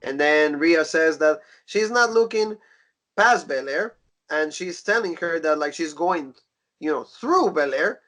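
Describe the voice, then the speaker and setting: A man co-hosting a wrestling podcast, recapping events in a relaxed way with lots of "you know". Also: fairly high pitch, a little slow. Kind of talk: casual podcast chat, recapping.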